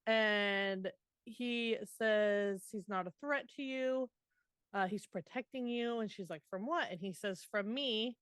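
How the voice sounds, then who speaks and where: A woman's voice: mid-range voice, slow pace, fairly bright tone, smooth, no room sound. A woman co-hosting a book podcast in casual chat, tossing in dry quips and summarizing chapters. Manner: dry quips and short agreeing replies. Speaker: podcast co-host. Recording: dry close-mic sound.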